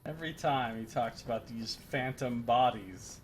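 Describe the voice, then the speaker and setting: A man streams a game live and chats with his viewers between moves. He swears freely and jokes dryly, in a mid-pitched voice. A faint background hiss sits under his desk mic. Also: moderate pace. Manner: profane, joking asides to chat. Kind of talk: casual live-stream commentary while gaming.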